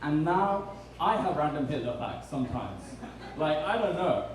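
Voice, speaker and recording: A man's voice: fairly high pitch, big pitch swings, normal speed. A young British man doing a stand-up set, dry and self-deprecating, with frequent ums between jokes. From Britain. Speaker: stand-up comedian. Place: comedy bar stage. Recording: echoey room, distant mic, faint noise.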